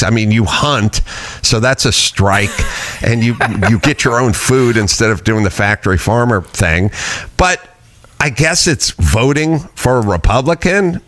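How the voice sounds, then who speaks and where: Blunt, lively-voiced ranting man. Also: medium pitch. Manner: blunt, profane, ranting with mock quotes. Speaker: podcast host. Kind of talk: casual chat.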